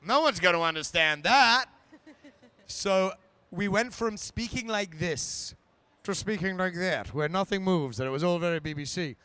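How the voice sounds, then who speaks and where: A man's voice: high-pitched, a little slow, fairly bright tone, clear, resonant tone. A man, a guest actor, chatting and telling anecdotes at a live stage event, sometimes putting on silly voices. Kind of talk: casual stage interview.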